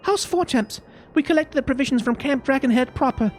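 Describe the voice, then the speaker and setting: A woman's voice: sits high, brisk, a little mellow, soft background music, close to an everyday voice. Wounded shaken female soldier, a woman acting. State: injured, coughing.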